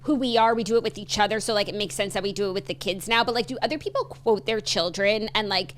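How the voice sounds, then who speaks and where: A woman's voice: mid-range voice, fast talker, slight background noise. A woman co-hosting a podcast, bantering in a bubbly, self-mocking way. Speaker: podcast co-host. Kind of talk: casual chat.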